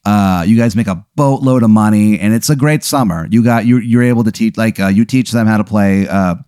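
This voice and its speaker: A man hosting a comedy podcast, spinning an improvised story in a rambling, deadpan way full of fillers. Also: lowish voice, brisk, clear, resonant tone, no echo, clean studio sound. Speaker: podcast host.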